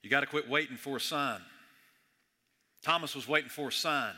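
A man preaching a sermon in a church, conversational and joking, swinging between hushed and loud. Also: mid-range voice, moderate pace. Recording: echoey hall reverb.

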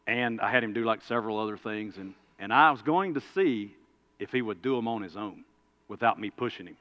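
Man preaching with bright force. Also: on the low side, muffled recording. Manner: conversational, folksy, swings from loud to quiet. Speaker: preacher and school coach. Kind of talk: sermon with personal story.

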